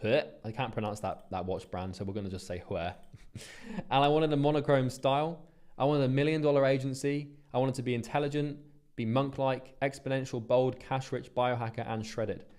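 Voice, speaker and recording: A man's voice: mid-range voice, steady tone, brisk, a little mellow, smooth. A man, talking earnestly and bluntly in a motivational vlog monologue, swearing freely and restarting his sentences. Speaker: business coach.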